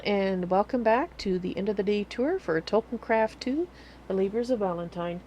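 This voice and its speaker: Woman game streamer, casual chatty talk, mid pitch, rambles and corrects herself. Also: moderate pace, warm tone, highs cut off. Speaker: livestreamer. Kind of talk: casual livestream commentary.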